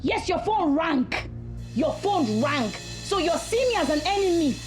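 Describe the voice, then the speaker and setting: Brief: an indignant young wife, very high and lively voice. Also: female voice, a little slow, music in the background, exaggerated voice. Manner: emphatic, indignant, repeats herself. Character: hurt, indignant young wife defending herself. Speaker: partner. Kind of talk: film drama acting.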